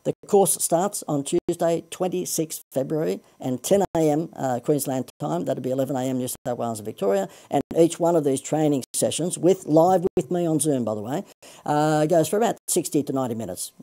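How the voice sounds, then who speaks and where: An Australian man giving a chatty, self-deprecating sales pitch on a livestream as a marketing coach. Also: dark tone.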